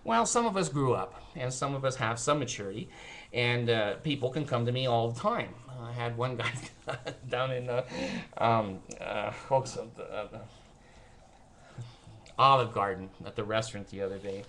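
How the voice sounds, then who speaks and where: Chuckling older man, bright rambling monologue. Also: mid-range voice, moderate pace, a little hiss or hum. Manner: rambling, laughing, sardonic storytelling. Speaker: vlogger. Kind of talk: casual monologue to camera. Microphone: camera mic.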